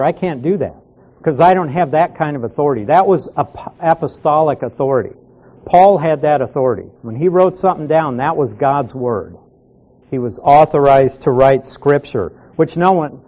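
A pastor teaching a Bible class, explaining verses slowly and repeating key words for emphasis. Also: male voice, on the high side. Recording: dull lo-fi sound.

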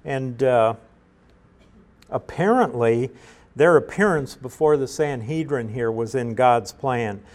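A middle-aged man giving a verse-by-verse Bible teaching in a measured, explanatory way, with frequent fillers and restarts. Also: mid-range voice, a little mellow.

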